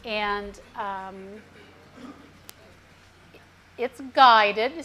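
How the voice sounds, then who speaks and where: A woman's voice: a little high, measured pace, bright, forceful tone. A woman speech-language pathologist giving a community education talk, coaching her audience through voice exercises. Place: lecture room with a live audience.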